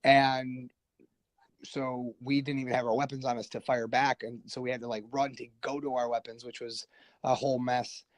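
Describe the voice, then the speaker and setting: A man guest on a podcast telling a war story casually, animated and profane, acting out what others said. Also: mid-range voice, moderate pace, dry recording, low-quality recording. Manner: animated, profane, acts out quoted voices.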